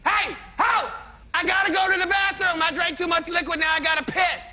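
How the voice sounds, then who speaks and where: A man playing a foul-mouthed president who shouts and heckles during a play, in a muffled archival comedy recording. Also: extremely high pitch, fairly even intonation, brisk. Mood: mocking. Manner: shouting, profane, belligerent.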